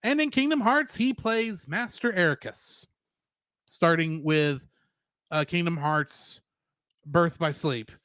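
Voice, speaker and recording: A man's voice: a little high, slow pace, no echo, studio quality. A man co-hosting a podcast, talking casually and laughing often as he runs through a cast list. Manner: laughs often, animated and chatty. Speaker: podcast co-host.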